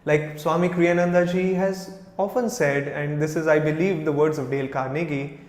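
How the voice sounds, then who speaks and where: A man's voice: on the high side, fairly even intonation, moderate pace, darkish tone. A man in his thirties with an Indian accent, a monk giving an informal spiritual talk, telling stories and acting out quoted lines with many "you know" fillers. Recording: echoey room with a long reverb.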